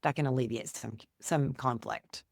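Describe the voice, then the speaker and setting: A woman in her fifties, a podcast guest, telling stories in an animated, conversational way and laughing now and then. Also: rumbling low, normal speed, creaky, no room sound, studio quality. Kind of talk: conversational storytelling.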